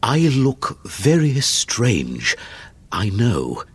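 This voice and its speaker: Man doing a worried middle-aged banker, quiet, hesitant, slow, husky. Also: mid-range voice, wildly swooping pitch, no echo, exaggerated voice.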